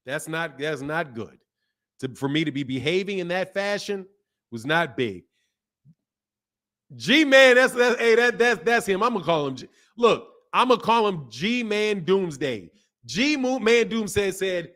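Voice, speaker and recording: A man hosting a live boxing talk stream, reading out donations, animated and laughing with loud outbursts. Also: sits high, slow pace. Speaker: boxing channel host.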